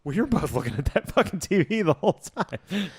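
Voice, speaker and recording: A man's voice: high voice, sing-song, brisk, slightly rough. A man co-hosting a podcast, chatting casually and joking with frequent laughs. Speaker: podcast co-host. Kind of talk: casual chat.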